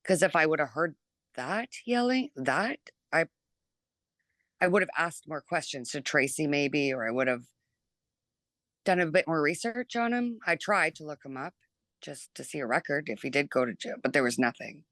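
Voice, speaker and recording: A middle-aged woman, a mother telling her story in an interview, chatty and animated, filling her talk with 'like' and acting out what people said. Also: sits low, normal speed, dry recording. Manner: chatty and animated, full of 'like' and acted-out quotes. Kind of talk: emotional personal recollection.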